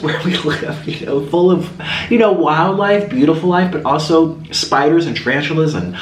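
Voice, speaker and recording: A man vlogging a casual story while he eats, rambling and animated, with lots of restarts. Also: on the high side, normal speed. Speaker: mukbang vlogger. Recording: roomy echo, faint background hiss.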